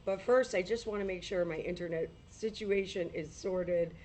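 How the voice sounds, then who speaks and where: A woman with a hoarse, gravelly voice, chatting casually and rambling with laughs as she hosts a paranormal livestream from home on a laptop mic. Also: fairly low pitch, moderate pace, a little mellow, slight background noise. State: hoarse, losing her voice.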